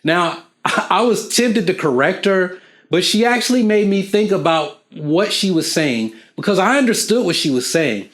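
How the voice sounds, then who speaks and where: A man hosting a casual explainer video, talking straight to the viewer in an animated way and acting out small dialogues. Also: sits high, moderate pace. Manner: animated, acts out little back-and-forth dialogues; asks the viewer questions. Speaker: video host.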